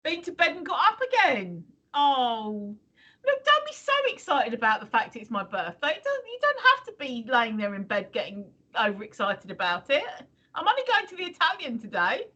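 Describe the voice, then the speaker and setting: A woman's voice: on the high side, wildly swooping pitch, moderate pace, sharp tone, lo-fi sound. A woman in her fifties or sixties co-hosting a casual livestream, teasing and laughing as she chats. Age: 50s or 60s. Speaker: stream co-host.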